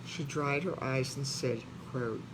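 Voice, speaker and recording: A man reading a memoir aloud in a heartfelt, pausing way, stopping now and then to talk to his listeners. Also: mid-range voice. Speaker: reader. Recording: noisy background ambience.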